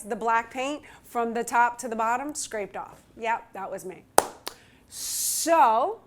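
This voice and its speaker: A woman with a fairly high voice tells a personal story in a candid, self-mocking way. She is animated and frank, a relationship speaker talking straight to her listeners. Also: a little hiss or hum.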